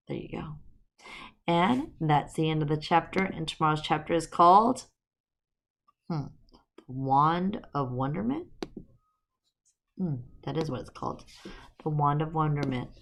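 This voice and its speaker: Woman, storybook reader on a live stream, friendly, chatty, low voice, gravelly. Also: measured pace, pauses often, fairly bright tone. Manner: friendly, chatty, teasing to young viewers. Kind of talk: casual storybook reading with chat to viewers.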